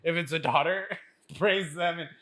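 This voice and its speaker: A man co-hosting a casual podcast chat, animated and laughing often as he acts out what others say. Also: a little high, normal speed. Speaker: podcast co-host.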